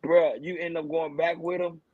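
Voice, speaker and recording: A man's voice: fairly high pitch, level tone, normal speed, dry recording. A man co-hosting, giving short, blunt reactions in casual commentary. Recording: dull, dry sound.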